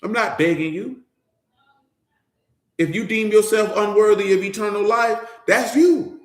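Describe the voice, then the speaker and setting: Man, informal sermon, high pitch, street-talk delivery, roomy echo. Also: a little slow. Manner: conversational, street slang, talks straight to listeners. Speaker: Bible teacher.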